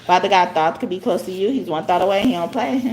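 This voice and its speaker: A woman's voice: medium pitch, brisk, a little mellow. A woman giving a live spiritual card reading, chatty, often tagging her lines with "okay?" and laughing. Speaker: tarot card reader.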